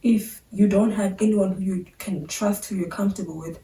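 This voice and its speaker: A woman's voice: mid-range voice, fairly even intonation, normal speed, dark tone. Young woman vlogging in a roomy space. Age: young adult. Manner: chatty, filler-heavy, candid. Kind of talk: casual talk to camera. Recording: roomy sound, a bit far from the mic.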